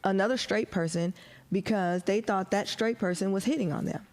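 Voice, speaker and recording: A woman's voice: medium pitch, normal speed. A middle-aged woman, a stand-up comedian, chatting on a podcast and telling a story with lots of acted-out dialogue and laughter. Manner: animated storyteller, acts out dialogue, laughs often. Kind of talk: casual podcast chat.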